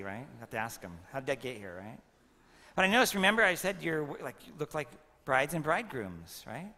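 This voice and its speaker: A man's voice: medium pitch, fairly bright tone. A priest in his fifties giving a playful homily at a First Communion, quizzing the children with jokes. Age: 50s. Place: church. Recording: long reverb of a church.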